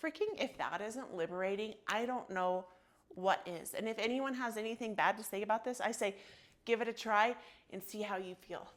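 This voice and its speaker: A woman's voice: medium pitch, normal speed. A woman in her thirties leading a guided yoga class from her home, soothing and affectionate, with audible sighing breaths between cues. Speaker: yoga instructor.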